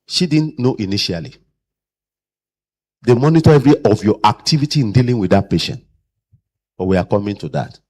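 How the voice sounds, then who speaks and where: A man lecturing caregivers as a trainer and acting out the people he quotes. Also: medium pitch. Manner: animated, acts out quoted people.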